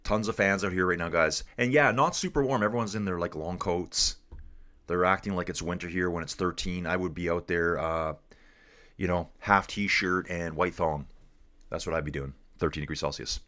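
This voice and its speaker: A man's voice: low-pitched, normal speed, pushed and bright. A man from Canada hosting a casual live cycling stream, reading viewer comments aloud and chatting in a laid-back way, calling everyone dude.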